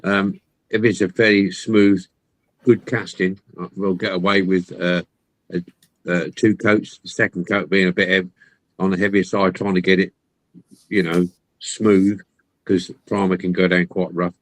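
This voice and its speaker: A man on a modelling live chat, explaining his priming in a measured, hesitant way. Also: deep voice, level tone, dry recording. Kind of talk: casual chat.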